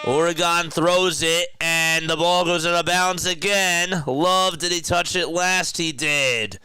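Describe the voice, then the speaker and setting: A man with a South Jersey accent calling a basketball game as a casual live-stream play-by-play commentator, chatty and quick to correct himself. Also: fairly high pitch, steady tone, bright, forceful tone, slight background noise. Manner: chatty, laughs easily, corrects himself mid-call.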